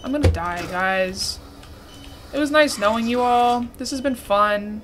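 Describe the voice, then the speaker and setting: A woman's voice: fairly high pitch, unhurried, noisy background. A young woman giving casual let's-play commentary, frantic and swearing as she talks to her viewers. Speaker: gaming streamer.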